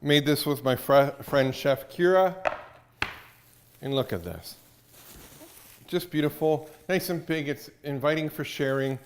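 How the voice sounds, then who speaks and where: A man's voice: on the high side, a little slow, long pauses, a little hiss or hum. A man hosting a cooking show from a cottage kitchen, chatting and explaining as he cooks. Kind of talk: casual cooking demo.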